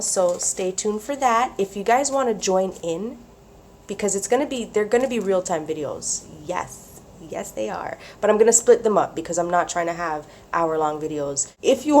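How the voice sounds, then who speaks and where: A woman vlogging about craft mail, gushing and excitable, with gasps, whispers and squeals. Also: medium pitch. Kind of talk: casual chat to camera.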